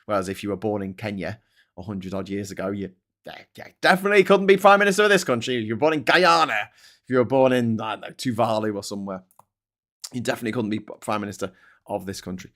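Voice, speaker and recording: A man with a Scouse accent hosting a political livestream, talking in an excitable, sweary, rambling way. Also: on the low side, fast talker. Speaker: livestream host. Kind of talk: casual political livestream chat.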